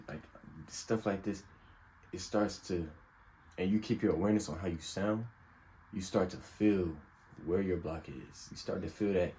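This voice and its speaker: Deep-voiced young man giving earnest advice. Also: normal speed, long pauses, warm tone, slight background noise, rough recording. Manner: earnest, unscripted, vulnerable. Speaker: self-help vlogger. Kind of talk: earnest personal advice monologue.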